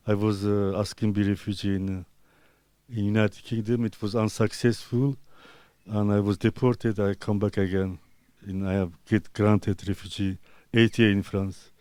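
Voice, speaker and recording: A man from Azerbaijan whose first language is Talysh, an artist answering interview questions in halting, broken English full of pauses and fillers. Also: on the low side, level tone, warm tone, smooth, no echo.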